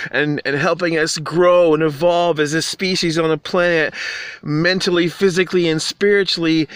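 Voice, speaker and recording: A man's voice: fairly high pitch, fairly bright tone, clean tone, dry recording. A man delivering a rambling, earnest monologue to camera, appealing to the world with preachy urgency. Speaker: vlogger.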